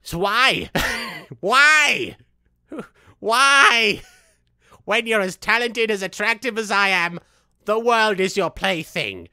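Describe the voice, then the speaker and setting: A man's voice: high-pitched, slow, pauses often, bright, forceful tone, smooth, dry recording, studio quality, exaggerated voice. A man voicing a vain, unhinged young male villain, streaming a game in character with boastful, theatrical talk. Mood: smug. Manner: boastful, theatrical, wildly swinging delivery, laughs at himself. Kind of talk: in-character gameplay commentary.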